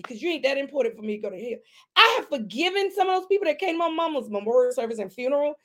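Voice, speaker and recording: High-voiced woman preaching emphatically. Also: lively intonation, quick pace. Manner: emphatic, addresses listeners directly; swings between loud emphasis and quiet asides. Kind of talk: conversational sermon teaching.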